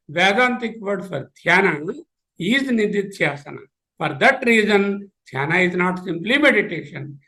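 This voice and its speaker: A man with an Indian accent delivers a spiritual lecture in a high, bright voice. He speaks deliberately, explaining each term and repeating words to make them clear. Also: rough recording. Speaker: lecturer giving an endowment oration.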